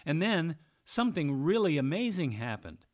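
A man's voice: fairly high pitch, big pitch swings, moderate pace. Sarcastic man delivering a political monologue. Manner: sarcastic, mocking. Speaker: political commentator. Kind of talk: opinion monologue.

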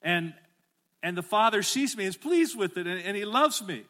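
A middle-aged man preaching a sermon as pastor, animated and rising to emphatic calls, asking the congregation to repeat phrases back. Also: high-pitched, normal speed.

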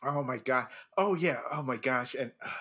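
A man hosting a casual chat, telling animated stories full of restarts and laughter as a former judge. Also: medium pitch, normal speed. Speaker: podcast host and former drum corps judge.

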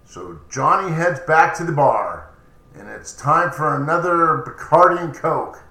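A podcast storyteller with a slightly high voice narrates a story in an unhurried, chatty and animated way. The recording is roomy and echoey.

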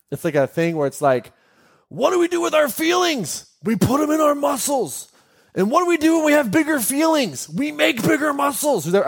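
A man giving a live teaching talk in a room with an audience, animated and constantly quizzing them. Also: a little high. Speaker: workshop speaker.

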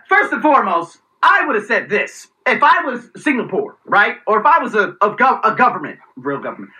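Profane, animated man ranting. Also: very high-pitched, low-quality recording. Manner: profane, sarcastic, animated, heated. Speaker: vlogger. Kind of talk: ranting vlog commentary.

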